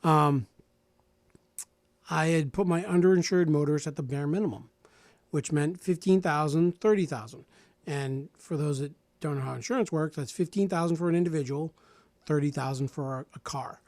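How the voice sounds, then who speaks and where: A man in his forties telling a personal story in casual radio talk, animated and acting out other people's lines, often restarting and repeating words. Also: fairly high pitch, moderate pace, dry recording. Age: 40s.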